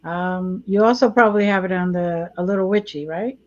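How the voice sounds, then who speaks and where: A woman hosting a casual interview, warmly encouraging her guest with frequent affirmations. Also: on the low side, fairly quick, dull audio. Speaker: talk show host.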